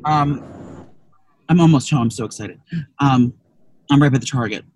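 A man co-hosting a comedy podcast, rambling through crude stories with loud, profane rants. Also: mid-range voice, normal speed, a little hiss or hum. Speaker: podcast co-host. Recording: distant from the mic.

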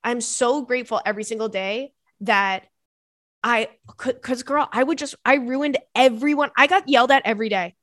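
Animated woman host on a tangent. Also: on the high side, normal speed, no room sound, studio quality. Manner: animated, swearing, laughing tangents. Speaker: podcast host reading listener emails. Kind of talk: casual chat.

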